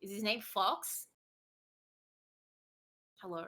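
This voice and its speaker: A woman's voice: mid-range voice, moderate pace, bright, forceful tone. A young woman streamer chatting casually as a guest, talkative, swearing now and then and laughing easily. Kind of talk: casual chat.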